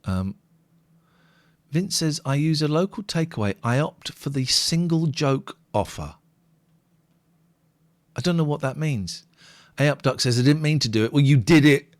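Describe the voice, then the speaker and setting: A man's voice: a little high, animated, measured pace, pauses often, no room sound. A man co-hosting a late-night live stream, chatting casually and reading out viewer comments in a wry way.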